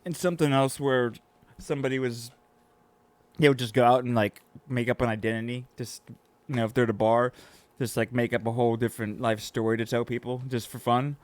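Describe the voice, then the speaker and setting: A man's voice: medium pitch, little pitch movement, a little fast, dry recording. A man co-hosting a podcast in casual chat, rambling and trailing off mid-thought. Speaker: podcast co-host.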